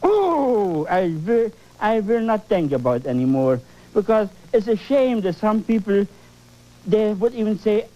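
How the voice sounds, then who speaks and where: A man's voice: high-pitched, sing-song, normal speed, warm tone, lo-fi sound. A man leading a televised painting lesson, exclaiming and coaxing, repeating phrases for emphasis. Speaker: painting instructor.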